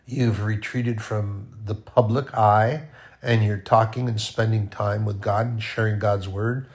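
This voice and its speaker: A man giving an informal, conversational sermon, often dropping to a quiet voice. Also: lowish voice, steady tone, a little slow. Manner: conversational, with sudden soft drops to near-quiet. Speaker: preacher.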